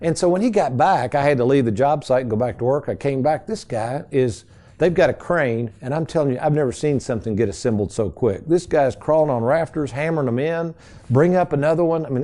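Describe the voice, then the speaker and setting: Middle-aged male radio host, folksy storyteller, mellow warm tone, studio mic. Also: medium pitch, lively intonation, quick pace. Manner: folksy, addresses listeners as folks. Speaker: radio show host and financial advisor. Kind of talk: casual storytelling radio talk.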